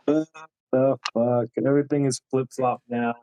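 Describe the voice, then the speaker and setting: A man's voice: mid-range voice, flat delivery, normal speed, warm tone, no echo, rough recording. A man playing a tabletop game, talking casually and jokingly. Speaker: player.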